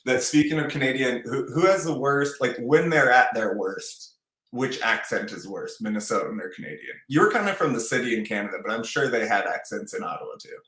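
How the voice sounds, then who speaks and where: A man's voice: medium pitch, expressive, a little fast, sharp tone. A man hosting a casual interview, rambling through his questions with lots of fillers. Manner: rambling, filler-heavy, chatty. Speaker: podcast host. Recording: roomy echoey sound.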